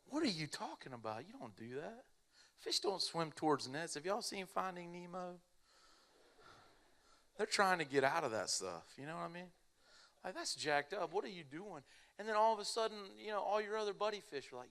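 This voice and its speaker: A young male preacher delivers a loose, conversational sermon. His voice sits a little high for a man, and he talks animatedly, sprinkling in "like" as he tells his stories. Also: normal speed. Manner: animated, casual storytelling with lots of "like".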